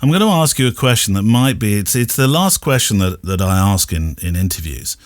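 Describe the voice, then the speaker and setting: A man hosting an interview, asking his question in halting, searching phrases. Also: lowish voice, expressive, no echo. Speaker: podcast host.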